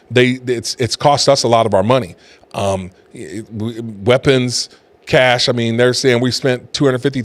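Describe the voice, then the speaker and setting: A middle-aged man hosting an opinion show, talking in a conversational way with plenty of restarts. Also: mid-range voice. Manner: conversational, animated when riled up. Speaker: talk show host. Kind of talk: opinion commentary.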